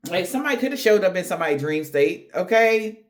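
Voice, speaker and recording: A woman's voice: on the low side, lively intonation, fast. A woman giving a casual spiritual reading to viewers, blunt and profane, chatting with laughing asides. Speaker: tarot card reader.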